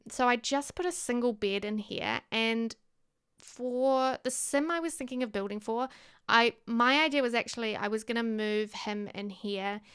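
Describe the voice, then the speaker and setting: A woman's voice: medium pitch, a bit bright, clean tone. A woman with a New Zealand accent chatting casually over a game build, rambling with lots of ums and likes. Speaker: Sims builder and streamer.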